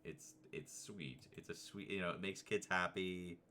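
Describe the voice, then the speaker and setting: A man's voice: low-pitched, unhurried, bright, forceful tone, a little hiss or hum. A man hosting a casual tier-list video, rambling and chatty with playful asides. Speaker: vtuber host.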